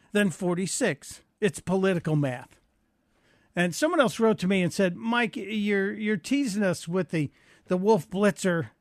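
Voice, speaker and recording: A man's voice: high-pitched, no room sound. A man filling in as a radio talk show host, telling joking anecdotes in a chatty monologue from a studio microphone.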